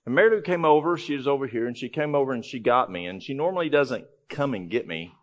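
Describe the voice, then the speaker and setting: A man's voice: mid-range voice, expressive, fast, highs cut off. A man giving a conversational, folksy talk to a live audience, telling a story with frequent restarts. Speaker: health ministry speaker.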